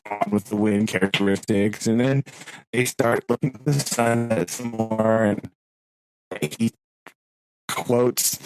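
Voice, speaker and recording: A man's voice: lowish voice, slow, long pauses, faint music behind, rough recording. Man chatting animatedly about a book. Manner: animated, laughs often, quotes characters. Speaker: podcast co-host. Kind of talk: casual book discussion.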